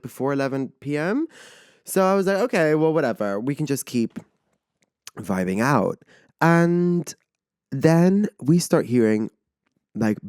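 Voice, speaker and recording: Twenties male podcast host, casual and lively storytelling, middle pitch, no room sound. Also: clean tone, no room sound, clean studio sound. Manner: animated, chatty, peppered with "like".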